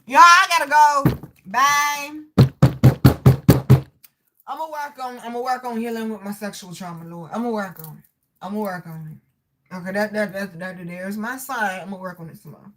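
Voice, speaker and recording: A woman hosting a casual livestream, talking straight to her viewers in a loud, profane, animated way with frequent laughter. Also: medium pitch, moderate pace, long pauses, heavy background noise. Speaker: livestream host reading chat.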